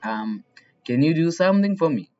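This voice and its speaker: A man's voice: fairly high pitch, sing-song, moderate pace, warm tone, dull audio, soft background music. Hesitant young man talking to his PC. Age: young adult. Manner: hesitant, rambling, with many fillers. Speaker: tech video creator. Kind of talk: casual chat with a voice assistant.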